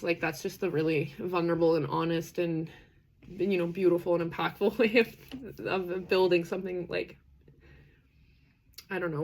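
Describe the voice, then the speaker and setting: A woman's voice: on the low side, vocal fry, a little mellow, a little hiss or hum. A young woman from Canada hosting a live stream, talking casually and earnestly with viewers, rambling and emotional with lots of fillers.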